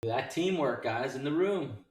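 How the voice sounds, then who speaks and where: A man hosting a live day trading show, excitedly calling out prices and shouting out names from his chat. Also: medium pitch, measured pace, recorded from a distance. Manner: hyped, rattling off stock prices and chat names. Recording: roomy sound from off-mic.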